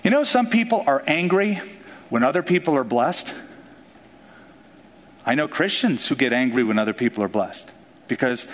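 A man preaching a sermon in an animated, joking way, acting out the voices of the people in his stories. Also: mid-range voice, normal speed, pauses often. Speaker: pastor. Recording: long hall reverb.

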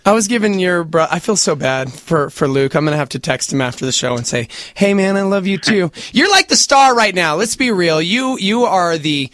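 A man co-hosting a morning radio show, chatting in loud, enthusiastic banter that bursts into shouts. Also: on the high side, animated, brisk, hardly any pauses, dry recording.

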